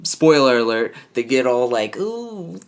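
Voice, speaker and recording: A man of ordinary pitch chats casually as a podcast co-host. He rambles through a recap, leaning on fillers and acting out what people said. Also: normal speed, a bit bright. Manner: rambling, filler-heavy, acts out quoted lines. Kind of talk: casual chat recapping a TV show.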